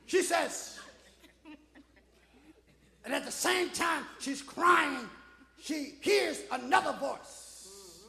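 A man a sermon, shouting and half-singing his lines in a whooping cadence, heard in a church sanctuary. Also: very high voice, animated, takes it slowly, gravelly, long pauses, a faint crowd. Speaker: preacher. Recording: echoey church hall, roomy long reverb.

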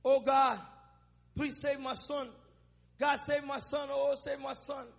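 A woman's voice: very high voice, little pitch movement, normal speed, raised voice, in a large hall. A man voicing a weeping mother with an African accent, crying out to God for her sick child. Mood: pleading. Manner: crying out, wailing.

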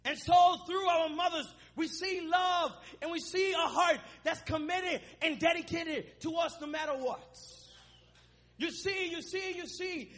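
A young man from Africa preaching a sermon to young people, impassioned and breaking into shouts. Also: very high voice. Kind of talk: sermon with spoken-word poem.

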